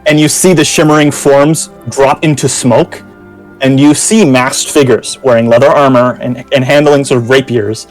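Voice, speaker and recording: Male game master, mid pitch, halting descriptive narration over faint music. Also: steady tone, poor audio.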